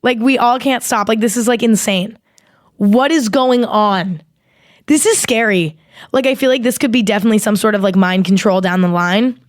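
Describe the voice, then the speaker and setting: A young woman hosts a podcast in loose, rambling chat, leaning on "like" as she talks. Her voice is smooth and clear at a middle pitch. The sound is dry and close to the mic. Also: fairly quick, dry recording. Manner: chatty and rambling, heavy use of "like". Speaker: podcast host. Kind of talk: casual chat with a sponsor read.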